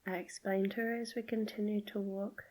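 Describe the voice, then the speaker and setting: A middle-aged woman hosting a podcast, gently telling a personal story in a soft, often half-whispered voice. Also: medium pitch, little pitch movement, moderate pace, rough recording. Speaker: podcast host.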